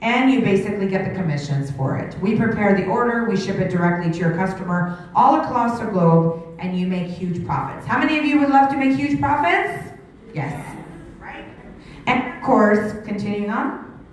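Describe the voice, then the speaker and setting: Her voice strained from shouting, a Canadian woman in her sixties delivers a lively sales pitch to a live audience through a handheld mic, peppering the crowd with fast questions. The large hall is very echoey, the mic is distant, and there's slight background noise.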